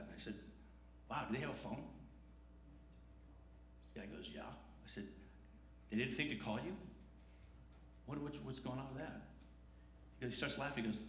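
A man's voice: medium pitch, quick pace, long pauses, fairly bright tone, a little hiss or hum. Conversational preaching man, echoey church. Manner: conversational preaching with rhetorical questions. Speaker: pastor. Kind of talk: sermon. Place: church sanctuary.

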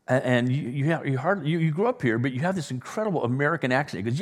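A pastor from Southern California preaching a sermon, his middle-pitched voice ringing through a long-echoing hall. He jokes with the congregation, with loud bursts and trailing quiet asides. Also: animated, fast talker, hardly any pauses.

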